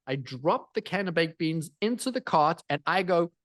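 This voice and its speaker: Emphatic, energetic man, dry sound. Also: fairly high pitch, normal speed, no room sound. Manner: energetic, emphatic, repeats phrases for effect. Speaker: guest speaker. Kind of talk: animated interview storytelling.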